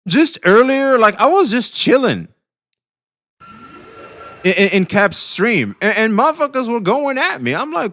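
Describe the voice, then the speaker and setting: A young adult man streaming live, talking casually to his chat, swearing freely, swinging between excitement and quiet emotion. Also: very high-pitched, unhurried, pauses often. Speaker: livestreamer.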